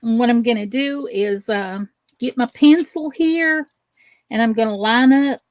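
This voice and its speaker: A woman's voice: a little high, measured pace, dry recording. A middle-aged woman from the United States hosting a live crafting tutorial, chatting and greeting viewers by name as she works. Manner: chatty, greets viewers by name while working with her hands. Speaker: crafting channel host.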